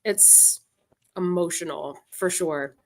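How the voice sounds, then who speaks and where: A woman's voice: on the low side, takes it slowly, a little mellow. A woman co-hosting a talk show, chatting earnestly and laughing easily. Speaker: guest co-host. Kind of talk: casual chat.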